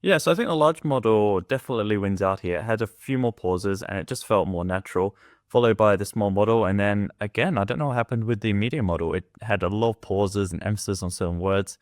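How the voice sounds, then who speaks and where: Hosting a tech video, a man gives casual commentary at a quick pace in a fairly low voice, his verdicts relaxed, hesitant and full of fillers. He calls his reading voice monotone, and the sound is close and dry.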